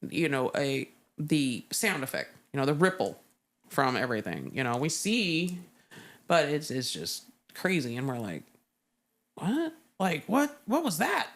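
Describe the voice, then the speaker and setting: A woman's voice: a bass voice, sing-song, moderate pace. A woman guest in a casual interview, telling a story with lots of swearing and acted-out quotes. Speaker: Navy veteran.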